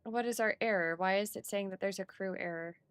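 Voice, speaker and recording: A woman hosting a casual gaming stream with her squad, animated, self-mocking and quick to laugh. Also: mid-range voice, clean tone, no echo. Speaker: streamer, host.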